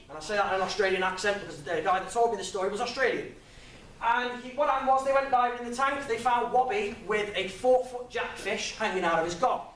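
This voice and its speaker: A young man giving an informal, jokey talk to an audience, chatty and quick to laugh at his own stories. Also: high-pitched, a bit bright, a little hiss or hum. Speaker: guest speaker. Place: lecture room with audience. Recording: echoey room, mic at a distance.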